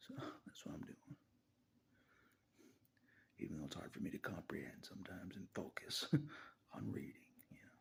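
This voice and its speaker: A man talking straight to the camera in a rambling casual monologue, often laughing and ranting out loud at God. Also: low voice, normal speed, vocal fry, long pauses, whispered. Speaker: vlogger.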